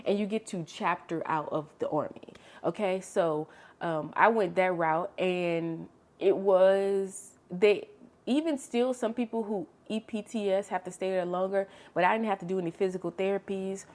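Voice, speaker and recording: A young woman chats through a personal story for her vlog, animated and expressive. Her voice sits at an ordinary middle pitch. Her delivery jumps from hushed asides to loud bursts, and she speaks to the listener like a close friend. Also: normal speed. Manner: animated, expressive storytelling with sharp swings in loudness; chatty, addresses listener as honey and girl. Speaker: vlogger. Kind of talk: casual storytime chat.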